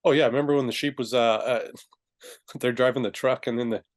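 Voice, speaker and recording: A man co-hosting a casual movie review, his voice sitting at a middle pitch. He retells scenes with laughs and jumps into quick high voices to quote the characters. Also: fairly even intonation. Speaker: podcast co-host. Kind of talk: casual film review chat.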